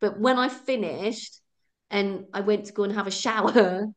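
A woman's voice: mid-range voice, moderate pace. A middle-aged woman, a runner guest telling her stories in a chatty, laughing way. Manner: chatty, laughs often, acts out her own thoughts. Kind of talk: casual storytelling interview.

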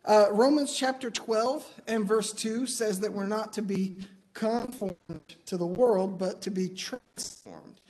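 A man's voice: high-pitched, slow, darkish tone. A man preaching in church, telling personal stories with light humor in a conversational way. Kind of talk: sermon. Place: church auditorium.

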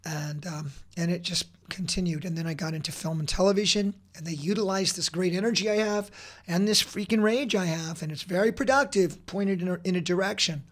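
Speaking quickly in a high voice, this podcast guest, a man in his forties, shares an emotional story from his own life. His delivery is intense and blunt, with swearing and frequent restarts.

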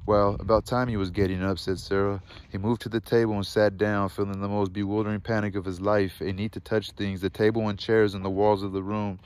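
Male read-aloud narrator, low pitch, flat and steady, self-corrects at times. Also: a little hiss or hum. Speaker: audiobook reader. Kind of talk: reading a novel aloud.

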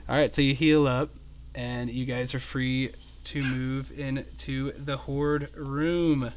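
A man's voice: mid-range voice, level tone, slow pace, a little hiss or hum. A man narrating a tabletop game as dungeon master, describing scenes in a casual, descriptive way. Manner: descriptive, casual with filler asides.

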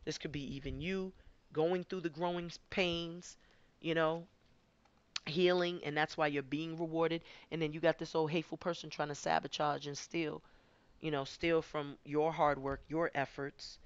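A woman's voice: deep voice, fairly even intonation, normal speed, no room sound, muffled recording. Woman giving a rambling tarot reading. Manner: rambling, conversational, repeats words. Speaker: tarot card reader.

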